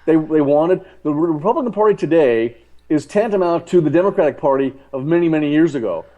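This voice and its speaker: A man discussing politics as a talk show guest, halting and repeating words, then pressing his points hard. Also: on the high side, animated, mellow, poor audio. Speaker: guest commentator.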